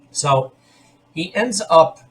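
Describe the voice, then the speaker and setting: A man's voice: fairly high pitch, slightly rough, low-quality recording. A man hosting a podcast, casually recapping a TV episode with lots of asides. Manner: animated storytelling with asides. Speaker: podcast host.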